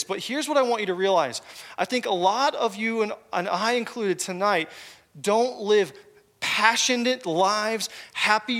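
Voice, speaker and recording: A young man preaching a sermon, earnest and emphatic, dropping low and soft on key phrases. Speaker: pastor.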